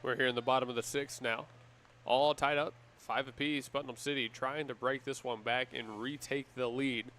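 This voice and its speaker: A man with a mid-range voice calls baseball play-by-play live, keeping a measured pace between pitches and picking up energy on big plays. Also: steady tone, fairly bright tone. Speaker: play-by-play announcer.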